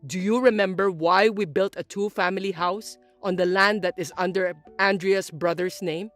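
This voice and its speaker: A patient grown son, voiced by a woman, explains things in a lowered, even tone. Faint music sits underneath the story narration. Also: normal speed, dry recording, close to an everyday voice. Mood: explaining. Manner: low, patient and reasoning. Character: calm grown son and husband, young man. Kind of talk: scripted story voice-acting.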